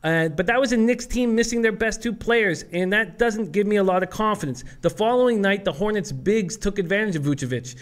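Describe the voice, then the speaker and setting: High-voiced man reeling off betting stats. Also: a little fast, hardly any pauses. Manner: reels off statistics in a steady, prepared way. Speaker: sports betting show co-host. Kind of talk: sports betting picks analysis.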